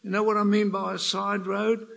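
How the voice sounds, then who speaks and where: An older man preaching a sermon in a church, swinging between hushed passages and loud, passionate emphasis. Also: high-pitched, little pitch movement, normal speed, gravelly.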